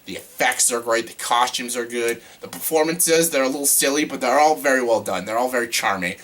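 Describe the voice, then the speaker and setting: A man casually ranking his favorite films in a vlog, gushing and excitable, with casual swearing. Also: mid-range voice, fairly quick. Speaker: movie reviewer.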